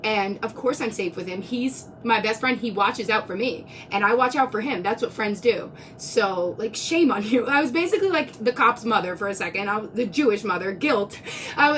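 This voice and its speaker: A woman with a fairly high voice pours out an earnest, rambling live-stream monologue, close to tears and often restarting her thoughts. She is picked up from a little way off on a phone mic, with a faint rumble underneath. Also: fairly bright tone, far from the mic.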